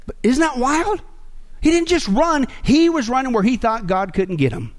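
Animated high-voiced preacher man. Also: normal speed. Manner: animated, sarcastic, swings between loud and hushed. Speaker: pastor. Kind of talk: sermon.

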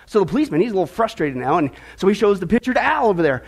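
A man's voice: high-pitched, very animated, fast talker, husky. A man preaching a sermon, opening with a chatty, playful story told to his congregation. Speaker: pastor.

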